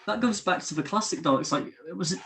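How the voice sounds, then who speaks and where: A man's voice: sits high, animated, fast, a crowd in the background. A man hosting a casual interview over a video call, with a sing-song up-down way of talking. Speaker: host.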